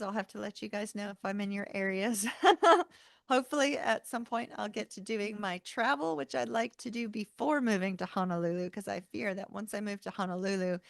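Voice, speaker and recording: Female tarot streamer, relaxed chatty host, gravelly, dry close sound. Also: mid-range voice, dry recording. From North Carolina, US. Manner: chatty, warm-hearted, laughs often, says y'all. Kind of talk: casual livestream chat.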